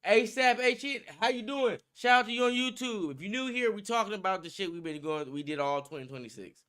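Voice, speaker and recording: Young male streamer, high and bright, excitable, profane casual banter. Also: a little fast, smooth. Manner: hyped, slangy, profane, laughing often. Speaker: livestream host. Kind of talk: casual livestream chat.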